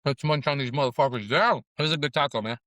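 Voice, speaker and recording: A man's voice: medium pitch, fast, a bit bright, no echo, studio quality. Middle-aged man, profane and grieving. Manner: profane, rambling, shifting between eating noises and sad confession. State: grieving, close to tears. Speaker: food vlogger and comedian. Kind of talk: casual food review vlog. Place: on camera at a taco restaurant.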